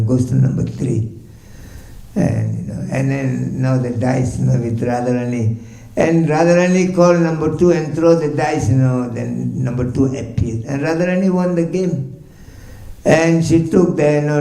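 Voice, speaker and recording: A man's voice: medium pitch, creaky, mellow. A man, a swami, telling a devotional story in a morning sermon. He leans on "you know" constantly and chuckles as he tells it. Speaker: swami giving a morning lecture. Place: temple hall. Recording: echoey temple hall.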